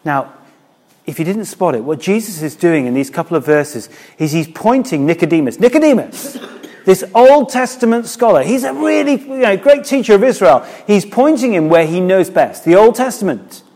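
A middle-aged man delivers a sermon, his voice sitting a little higher than most men's. He talks to the congregation in a relaxed, conversational way. He keeps drawing them in with rhetorical questions. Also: moderate pace. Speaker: preacher.

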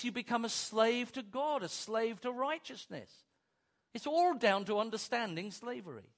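A man preaching a sermon, acting out imagined objections and pressing his points with emphatic repetition. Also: high-pitched. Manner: animated, rising to emphatic repeated declarations; plays out imagined objections in dialogue.

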